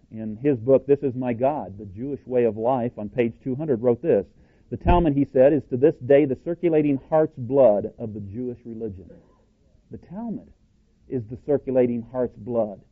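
Man, preacher, emphatic sermon delivery, slows for quotations, tinny narrow sound. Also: mid-range voice. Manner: emphatic, slows down to read quotes. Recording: tinny phone-like audio.

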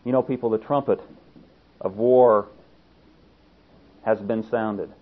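A man preaching a sermon with passion, building to emphatic peaks and then dropping low. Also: fairly even intonation, takes it slowly. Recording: tinny phone-like sound.

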